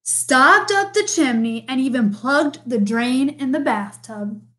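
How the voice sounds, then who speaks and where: A woman reading a picture book aloud with a slow, expressive storytelling delivery. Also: sits high. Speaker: storybook reader.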